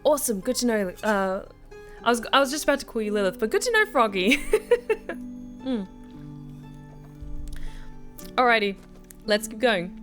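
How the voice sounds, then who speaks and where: Fairly high-pitched and bright, this woman sounds animated, speaking at normal speed with long pauses. She's a voice actor on a game livestream, chatting upbeat over music, laughing and using lots of fillers.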